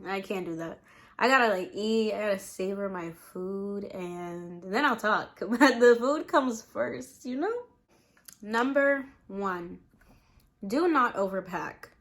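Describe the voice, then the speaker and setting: A young woman in college, chatting casually to camera as a vlogger while eating, relaxed and rambling with many fillers. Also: medium pitch, slow. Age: young adult. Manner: relaxed, rambling, lots of "like" and "you know".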